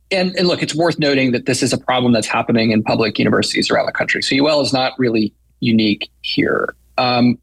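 A man's voice: mid-range voice, slightly rough, no echo, rough recording. A man who founded a local news outlet, discussing news in a radio interview, conversational with many fillers.

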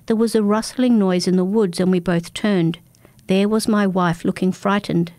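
A woman narrating a first-person folk tale in a calm, measured, intimate manner. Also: mid-range voice, dry recording. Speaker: storyteller.

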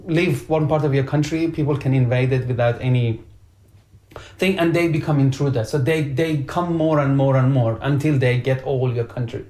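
A man in casual podcast chat, sharing parenting views in a halting way, often repeating words as he thinks. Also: mid-range voice, darkish tone. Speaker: parent, co-host. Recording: roomy echo.

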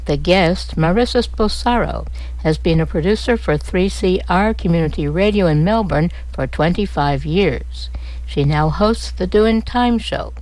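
A woman reads scripted links for a radio show in a clear, measured way. Her voice is fairly low. The sound is dry and close. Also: darkish tone, dry recording, poor audio. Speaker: radio presenter.

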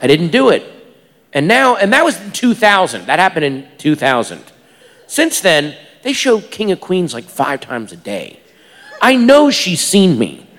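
An animated male stand-up comic tells a story in a lively, slightly high voice full of swoops. He sounds incredulous and self-mocking. A long hall reverb trails his words, with faint ambience underneath. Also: a little slow. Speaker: stand-up comedian. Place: live comedy venue, large hall.

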